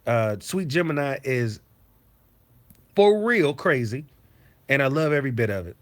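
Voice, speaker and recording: A man's voice: medium pitch, expressive, unhurried. A man hosting a casual livestream from his home basement, ranting bluntly and profanely. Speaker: streamer host.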